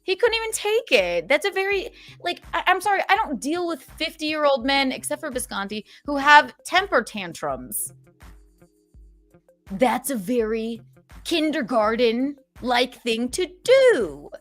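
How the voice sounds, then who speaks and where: A woman hosting a casual livestream podcast, reading super chats aloud and venting sarcastically, swearing freely and swinging from loud outbursts to low mutters. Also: very animated, measured pace, soft background music. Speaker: streamer and podcast host.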